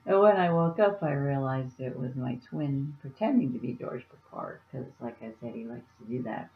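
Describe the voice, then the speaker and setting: A woman vlogging casually, rambling through a dream story and talking softly to her cat. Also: rumbling low, animated, moderate pace, echoey room, narrow, tinny audio, slight background noise. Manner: meandering, soft-spoken to her cat. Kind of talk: casual vlog.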